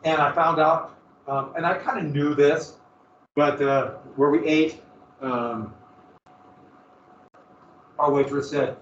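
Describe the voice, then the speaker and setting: A man's voice: on the high side, fairly even intonation, slow pace, pauses often, fairly bright tone, a little hiss or hum. A male teacher giving a casual, joking class lecture that often wanders into personal stories. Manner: casual, joking, digressive storytelling. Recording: roomy, dull, from a distant mic.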